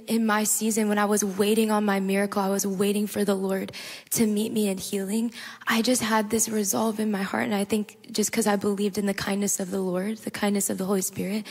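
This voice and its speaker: A woman's voice: medium pitch, darkish tone, slightly rough. Earnest woman in a reverberant hall. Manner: earnest, conversational, with frequent "like". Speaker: panel guest. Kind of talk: sharing a personal faith testimony on stage. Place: large hall at a live church gathering.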